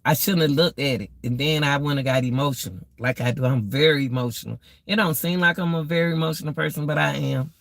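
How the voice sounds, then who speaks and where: A woman's voice: sits low, fast talker, vocal fry, hardly any pauses, dry recording, studio quality. A woman giving casual life advice to her viewers, preachy, repetitive and emotional. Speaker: vlogger.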